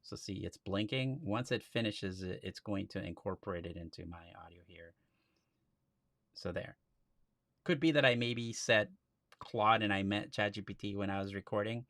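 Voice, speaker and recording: A man hosting a live stream, walking through a software demo in a casual, chatty way with frequent restarts. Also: on the low side, moderate pace, no echo, studio quality.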